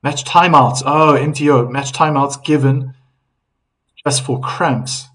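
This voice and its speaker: A man commentating a tennis match on a live stream, in a chatty, loose play-by-play. His voice sits a bit high for a man, and he breaks off to read and answer viewer comments. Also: steady tone, slow, fairly bright tone, rough recording. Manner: chatty, reads viewer comments aloud, laughs easily.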